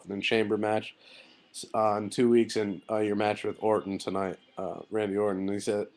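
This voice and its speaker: Low-voiced man rambling through a vlog. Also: a little mellow. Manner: loose and rambling, many fillers, blunt opinions with swearing. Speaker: wrestling vlogger. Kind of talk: casual video review.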